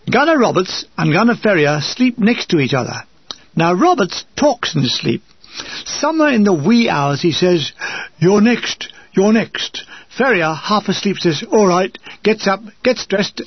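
Husky, high-pitched man reading wryly. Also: no echo. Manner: wry, deadpan humor. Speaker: narrator reading a war memoir. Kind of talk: first-person memoir reading. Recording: dull lo-fi recording.

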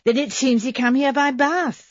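A woman's voice: high-pitched, moderate pace, no room sound, lo-fi sound, voice pushed up. A woman narrator voicing a mean, flashy middle-aged woman with a thin, reedy voice, read for an audiobook. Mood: plaintive.

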